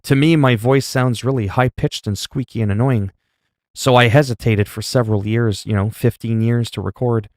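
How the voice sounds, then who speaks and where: A man from Canada chatting casually on a livestream, with a mellow, soothing voice and a rambling, joking, foul-mouthed manner. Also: mid-range voice, fairly even intonation, normal speed, no echo, clean studio sound. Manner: rambling, joking, heavy swearing.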